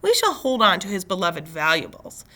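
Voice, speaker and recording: A stern foster mother with formal, lofty speech and a bright, clear tone, read aloud by a woman. She scolds with clipped, proper sentences. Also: fairly low pitch, sing-song, moderate pace, heavily acted. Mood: scolding.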